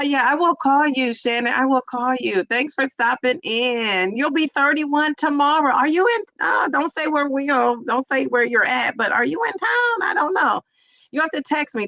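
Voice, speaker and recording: A woman's voice: high-pitched, bright, forceful tone, no echo, lo-fi sound. A middle-aged woman hosting a casual livestream, chatting effusively and greeting viewers by name as she reads their comments. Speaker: weight-loss vlogger hosting a livestream.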